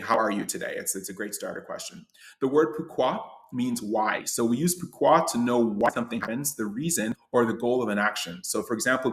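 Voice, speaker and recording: A man's voice: on the low side, fairly bright tone. Echoey male French teacher, chatty. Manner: loose, repeats and corrects himself as he goes. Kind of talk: online lesson explaining slides.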